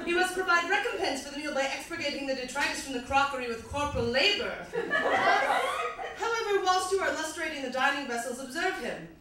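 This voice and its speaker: A woman's voice: high-pitched, noisy background. A woman with a mock British accent doing character stand-up comedy on a festival stage, grandiloquent and pompous, often laughing at her own lines. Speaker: comedian performing a one-woman show. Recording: echoey hall, distant mic.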